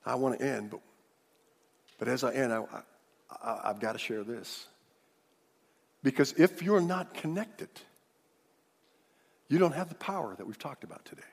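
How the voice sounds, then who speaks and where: A man's voice: medium pitch, normal speed, vocal fry, long pauses, breathy edge. A man pastor preaching an emphatic sermon, leading the congregation in call-and-response. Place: large church hall. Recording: reverberant church hall.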